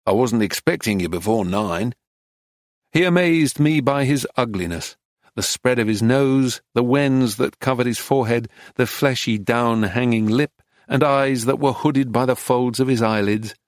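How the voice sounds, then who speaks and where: Measured male audiobook narrator, close and dry. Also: medium pitch, dry recording. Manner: measured, descriptive reading. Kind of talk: scripted first-person narration.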